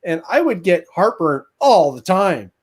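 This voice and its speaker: A man's voice: high-pitched, very animated, measured pace, breathy edge. A man chatting casually as a guest on a live stream, laughing often as he tells stories. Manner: chatty, laughs while talking. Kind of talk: casual chat.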